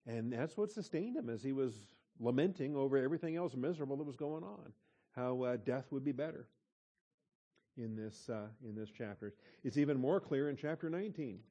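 A man's voice: mid-range voice, expressive, a little fast, mellow. A man preaching a conversational sermon, reading scripture aloud and explaining it. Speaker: pastor.

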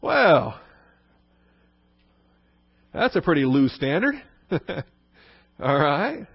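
A man's voice: on the high side, sing-song, drawn-out words, vocal fry, breathy edge, no echo, muffled recording. A man teaching a Bible lesson in a conversational sermon style, often asking the listeners "okay?". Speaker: pastor.

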